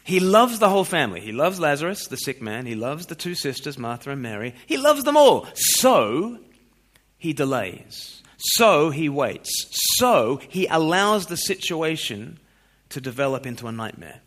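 A man preaching a sermon, expressive, moving between loud questions and quiet scripture reading. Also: a little high, moderate pace.

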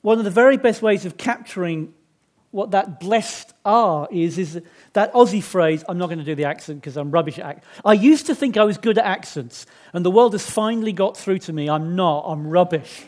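A man's voice: sits high, moderate pace, darkish tone. A man preaching a sermon in a chatty, self-deprecating way, with many restarts.

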